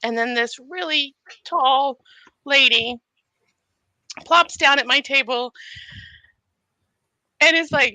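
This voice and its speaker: A woman telling a story on a casual stream, animated and acting out quotes with frequent laughs. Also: sits high, takes it slowly, long pauses, dry recording, poor audio.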